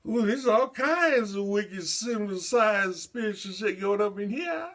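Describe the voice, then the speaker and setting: High-pitched, sharp-voiced older man ranting. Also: expressive, a little slow, few pauses. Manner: erratic, profane and agitated, jumping between topics. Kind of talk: rambling monologue.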